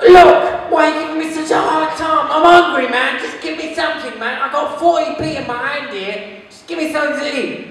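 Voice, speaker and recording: Brief: man doing a wheedling, pushy beggar bloke in a wheelchair, pitched up high, booming hall from far off. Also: a little fast, hardly any pauses. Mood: pleading. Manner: wheedling, pushy, rising to shouting. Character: irritated homeless man in a wheelchair, haggling.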